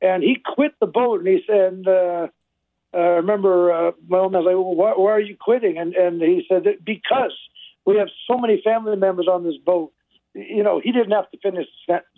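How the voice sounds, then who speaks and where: A man's voice: high voice, fairly quick. A man calling in by phone, telling stories in a hesitant, rambling way with many fillers. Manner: hesitant, warm, rambling storyteller. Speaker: guest on the phone. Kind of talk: casual phone interview. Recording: tinny phone line.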